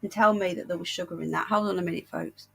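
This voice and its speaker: Husky British woman, unwell. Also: lowish voice, fairly even intonation, fast talker. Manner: chatty, affectionate, greets viewers with endearments. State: unwell, short of breath. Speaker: livestream host. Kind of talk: casual livestream chat.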